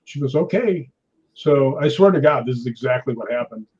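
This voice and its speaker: A man, a guest on a chat show, telling an animated story and tagging his sentences with "right?". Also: medium pitch, normal speed, slightly rough, dull audio.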